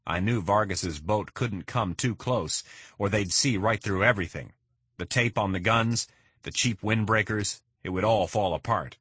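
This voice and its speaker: Husky male audiobook narrator, forceful. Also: lowish voice, no room sound. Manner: steady, measured reading. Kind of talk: first-person crime thriller narration.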